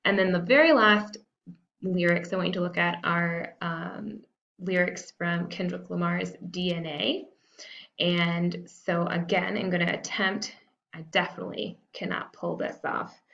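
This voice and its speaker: A woman's voice: lowish voice, steady tone, a little slow, vocal fry, a bit bright, muffled recording. A woman teacher talking students through a recorded lesson in a casual, self-deprecating way, with frequent fillers. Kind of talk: recorded classroom lesson walkthrough.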